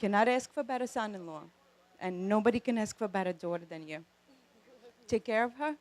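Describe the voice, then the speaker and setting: The bride's mother giving a loud, exuberant wedding toast outdoors in a backyard, calling out to the crowd. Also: medium pitch, a little fast.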